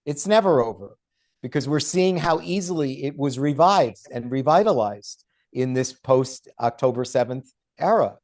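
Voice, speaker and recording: A man's voice: mid-range voice, expressive, normal speed, darkish tone. A man speaking as the guest author on a podcast interview, emphatic and argumentative. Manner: emphatic and argumentative, with mocking quoted voices. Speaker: guest author and law professor.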